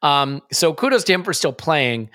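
A man with an American accent, co-hosting a casual football chat in a joking, self-mocking way with quick asides. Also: on the high side, big pitch swings, sharp tone, no echo, studio quality. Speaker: podcast co-host.

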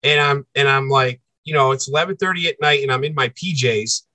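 A man's voice: medium pitch, a little fast, bright, forceful tone, dry recording. Intense man telling a personal story. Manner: intense, repeats phrases, acts out quoted dialogue. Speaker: podcast guest.

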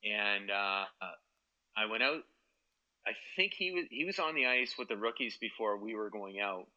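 A man with a low, bright, forceful voice tells rambling stories, switching into the voices of the people he quotes. The recording sounds a little dull and lo-fi. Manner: rambling anecdotes, quoting others. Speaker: guest, former hockey player. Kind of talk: storytelling in a podcast interview.

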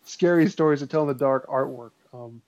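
A man casually telling a spooky story in a relaxed, rambling way with lots of fillers. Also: medium pitch, fairly quick. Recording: dull lo-fi sound.

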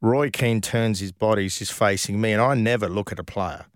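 Brief: chatty ex-footballer, lowish pitch, dry close recording, easygoing storyteller. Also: male voice, a little fast, no room sound. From Australia. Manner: chatty, laughs while telling stories. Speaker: former professional footballer, guest. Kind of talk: casual interview storytelling.

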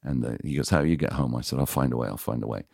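A man's voice: a bass voice, rapid-fire, creaky, no room sound, studio quality. A man, a radio DJ guest on a podcast, telling frank stories and acting out the dialogue in them. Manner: animated, acts out quoted dialogue; frank, confessional. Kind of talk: casual storytelling in interview.

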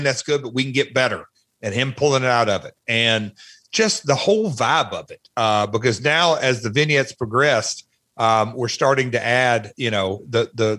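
A middle-aged man talking as a podcast guest, reminiscing in an animated way with many fillers and restarts. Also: medium pitch. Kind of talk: casual chat, reminiscing.

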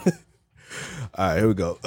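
A man's voice: fairly low pitch, vocal fry, background noise. A man co-hosting a casual podcast, joking and playful with his friends. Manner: joking, wildly animated. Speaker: podcast co-host. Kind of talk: casual chat.

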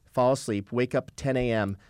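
A man's voice: mid-range voice, moderate pace, clear, resonant tone, no echo. Male podcast co-host, casual and profane raconteur, mid-range voice, dry studio mic. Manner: profane, animated storyteller. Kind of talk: casual storytelling chat.

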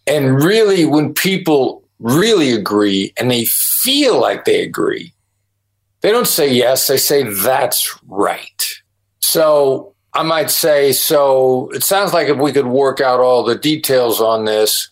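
A man's voice: medium pitch, expressive, measured pace, rough recording. Emphatic man explaining. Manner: emphatic, explanatory, acts out example phrases. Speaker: negotiation expert guest. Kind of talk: podcast interview answers.

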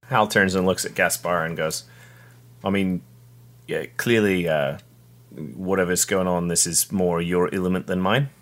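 Deep, bright-voiced wisecracking man. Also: steady tone, unhurried. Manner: wisecracking, narrates his character's actions. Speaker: player. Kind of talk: casual tabletop game play.

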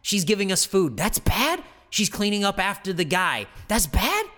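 A man's voice: high voice, very animated, moderate pace, sharp tone, full character voice. A man doing dopey rambling Jason Voorhees. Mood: worked up. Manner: rambling, goofy, self-justifying. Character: Jason Voorhees, dim-witted immortal slasher roommate. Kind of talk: improvised comedy courtroom sketch.

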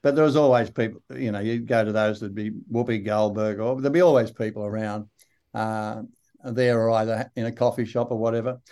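Broad Australian older man, smooth voice. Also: fairly low pitch, steady tone, warm tone. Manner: unhurried, rambling storyteller with many fillers. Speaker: actor guest. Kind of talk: relaxed interview anecdotes.

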